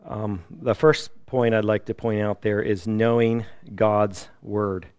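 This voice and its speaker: A middle-aged man preaching a sermon, lively and emphatic, now and then acting out the people he quotes. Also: on the low side, takes it slowly, smooth, no echo, studio quality. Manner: animated preaching, acts out quoted voices. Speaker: pastor.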